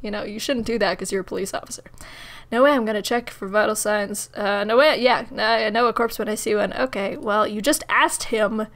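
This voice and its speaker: A woman's voice: medium pitch, brisk, a bit bright. A woman casually commenting while playing a point-and-click game, giggling and swearing freely. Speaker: gamer. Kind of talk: let's play commentary.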